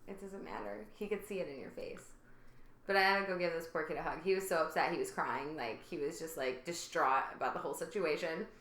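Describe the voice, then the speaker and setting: A woman co-hosts a podcast in a casual chat, telling stories in a chatty way and laughing often. Her voice is deep and fairly bright, she talks fairly quickly, and the room gives a noticeable echo.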